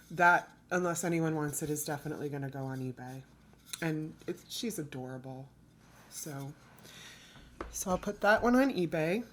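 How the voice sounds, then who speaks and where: A woman's voice: fairly low pitch, slight background noise. Chatty woman showing thrift finds. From United States. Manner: chatty, rambling, self-correcting. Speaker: thrift reseller vlogger. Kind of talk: casual haul chat.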